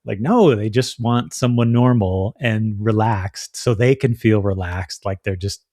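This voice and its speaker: A man's voice: on the low side, fairly even intonation, unhurried, warm tone, no echo, studio quality. A man co-hosting a podcast in casual chat, chatty and acting out the voices of people he quotes. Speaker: podcast co-host.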